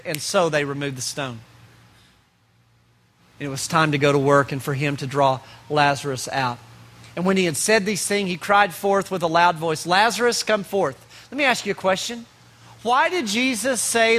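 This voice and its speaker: A man preaching a sermon as pastor, asking rhetorical questions and pausing for effect. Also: fairly high pitch, lively intonation, a bit bright.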